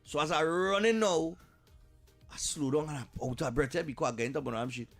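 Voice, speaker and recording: A Trinidadian man hosting talk radio, telling a comic story in an animated way and repeating "boy" and "eh" a lot. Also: a little high, a little fast, soft background music. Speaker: radio show host. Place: radio studio.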